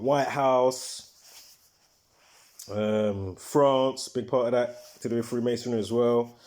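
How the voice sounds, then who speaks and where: A man's voice: mid-range voice, a little mellow. A man hosting a casual livestream, talking in a rambling, emphatic way and breaking off mid-thought to recall details. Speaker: livestream host.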